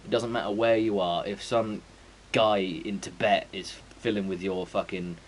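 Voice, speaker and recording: A man's voice: on the low side, fairly even intonation, moderate pace, a little hiss or hum, low-quality recording. A man, streaming a game and chatting casually in a rambling, sweary way full of fillers. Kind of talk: casual chat before a stream.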